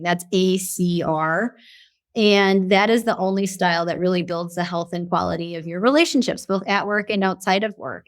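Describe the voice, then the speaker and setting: A middle-aged woman, a guest expert in a conversational interview, explaining with lively, animated delivery. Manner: animated, acts out example dialogue with big pitch jumps.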